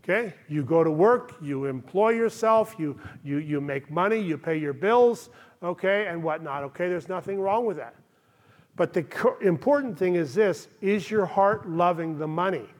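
A male pastor giving a conversational sermon, often checking in with the listeners. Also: sits high. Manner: conversational preaching, frequent "okay?" check-ins.

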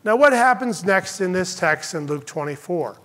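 Male pastor, high voice, emphatic sermon delivery, slows for lists. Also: lively intonation, a bit bright. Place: church sanctuary with congregation.

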